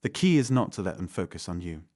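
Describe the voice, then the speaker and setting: Low-voiced man, calm scripted narration. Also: dry recording, clean studio sound. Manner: calm, measured, instructive. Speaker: channel narrator. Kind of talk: scripted self-help narration.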